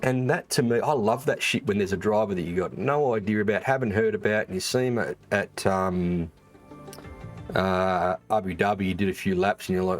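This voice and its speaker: A deep-voiced Australian man talks loosely on a livestream, full of swearing, fillers and restarts. Faint music plays underneath. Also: fairly quick. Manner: rambling, swears freely, many fillers and restarts. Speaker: streamer and former race engineer. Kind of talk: casual livestream chat.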